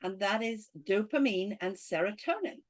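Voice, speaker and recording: A woman, an author and coach, talking as a podcast guest and earnestly, eagerly explaining ideas in a relaxed conversational way. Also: mid-range voice, normal speed. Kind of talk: conversational interview.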